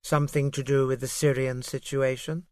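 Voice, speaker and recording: A man voicing a prim, aloof female secretary with a posh English accent, speaking in a clipped, quiet way. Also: medium pitch, level tone, normal speed, smooth, no room sound, studio quality, pitched above the performer's own voice, close to an everyday voice.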